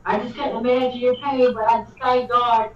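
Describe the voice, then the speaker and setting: High-voiced effusive woman host. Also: little pitch movement, moderate pace, a little hiss or hum. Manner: effusive, repeats "like" and phrases. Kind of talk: casual supportive chat. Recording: echoey, distant, dull call audio.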